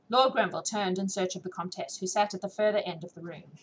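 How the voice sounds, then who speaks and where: A woman narrating a classic novel audiobook in a measured, expressive reading. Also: mid-range voice, slightly rough, low-quality recording. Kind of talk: scripted narration.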